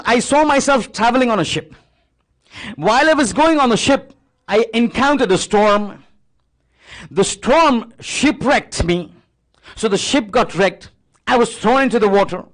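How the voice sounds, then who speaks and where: A man's voice: very high voice, a bit bright. A man giving a sermon, retelling a religious story with dramatic repetition and acted-out dialogue. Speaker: religious speaker.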